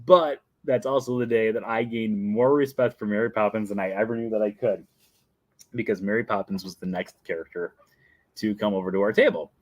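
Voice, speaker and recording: A man's voice: on the low side, a little fast, no echo. A young man hosting a casual show where he answers viewer questions. He talks in a chatty, rambling way and laughs often. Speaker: host.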